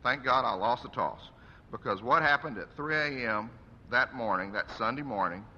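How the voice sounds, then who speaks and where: A man's voice: mid-range voice, animated, moderate pace, bright, forceful tone. A man delivering an earnest, preacherly eulogy for his father at a funeral service. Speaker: son giving a eulogy. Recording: echoey hall, dull lo-fi sound.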